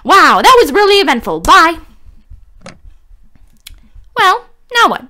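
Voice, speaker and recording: Woman gamer, very lively high delivery, panics and screams easily during a horror playthrough. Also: unhurried, long pauses. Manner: excitable, screams and talks to objects. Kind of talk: horror game commentary.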